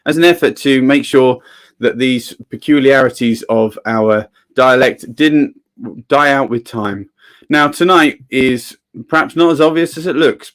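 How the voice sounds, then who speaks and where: A man hosting a livestream in casual chat and reading viewers' comments aloud. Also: medium pitch. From England. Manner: chatty, reads out viewer comments. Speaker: livestream host.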